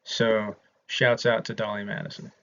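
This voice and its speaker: A man's voice: fairly low pitch, level tone, normal speed, vocal fry, fairly bright tone. A man from the American South, giving a casual, chatty history lecture to his students with frequent ums. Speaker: instructor. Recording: slightly dull lo-fi audio with faint noise.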